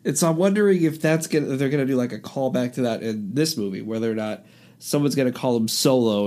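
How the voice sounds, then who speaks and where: Brief: male co-host, mid pitch, lively, laughs a lot, loose chat delivery. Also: quick pace. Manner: animated, acts out quoted lines, laughs often. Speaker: podcast co-host. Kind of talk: casual chat.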